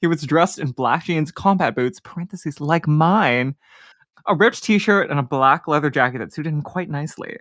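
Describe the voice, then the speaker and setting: A woman's voice: low voice, normal speed, fairly bright tone. A woman co-hosting a book podcast in casual chat, talking animatedly with lots of fillers and laughs, and sometimes reading passages aloud. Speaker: podcast co-host.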